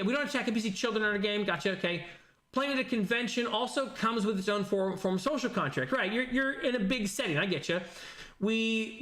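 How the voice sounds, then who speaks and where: A man's voice: high voice, sharp tone, reverberant. A man casually chatting on a livestream, reading viewer comments and thinking aloud with lots of fillers.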